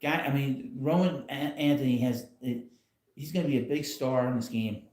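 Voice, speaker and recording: A man's voice: medium pitch, normal speed, a little mellow, echoey room. A man hosting a casual live stream from home, talking in a rambling, blunt way with frequent chuckles. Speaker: channel host. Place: home, in a rocking chair.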